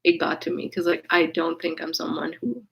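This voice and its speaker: In a casual vlog, a woman tells a personal story, rambling, restarting often, filling gaps, and swearing candidly. Her voice is deep, completely flat, and fairly quick, with vocal fry and a breathy edge, and the recording is muffled.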